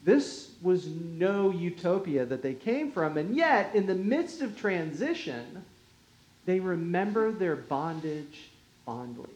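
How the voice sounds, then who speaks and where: A pastor giving a sermon in a measured, unhurried way, often dropping softly in volume and chuckling lightly. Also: mid-range voice, big pitch swings, highs cut off. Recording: roomy echo.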